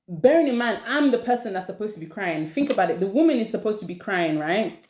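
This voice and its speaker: A young woman, hosting a casual opinion chat and ranting in an exasperated, animated way. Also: medium pitch, fast talker. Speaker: channel host. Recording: echoey room.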